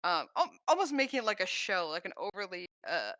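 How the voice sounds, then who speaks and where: A woman's voice: medium pitch, big pitch swings, fairly quick, fairly bright tone, dry recording. A woman narrating as dungeon master, talking hesitantly with many stops and restarts. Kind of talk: narrating a tabletop game.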